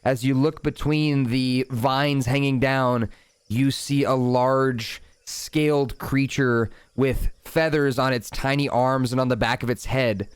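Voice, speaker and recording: A man narrating a tabletop game as dungeon master, setting scenes calmly and chatting casually between rolls. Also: medium pitch, slow pace, clear, resonant tone, dry recording. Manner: calm, descriptive scene-setting with casual asides.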